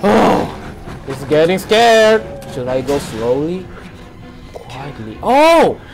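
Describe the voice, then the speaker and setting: A man narrating his own horror gameplay in broken English, dropping to hushed muttering and then breaking into panicked shrieks. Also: fairly high pitch, sing-song, slow pace, music in the background. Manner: non-native English with broken grammar. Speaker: gameplay streamer. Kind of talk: horror game commentary.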